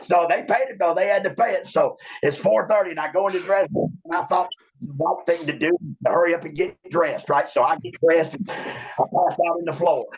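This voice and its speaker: A man's voice: fairly high pitch, a little fast, husky. A man, a former wrestler telling a long, rambling, profane story in casual talk. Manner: rambling, profane, with many restarts. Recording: muffled lo-fi audio.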